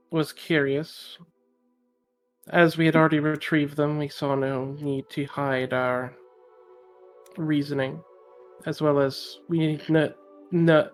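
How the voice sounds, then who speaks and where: A man voicing a composed, practical adventurer who works as a smith, speaking in measured, formal sentences during a tabletop role-play. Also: on the high side, little pitch movement, faint music behind. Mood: calm.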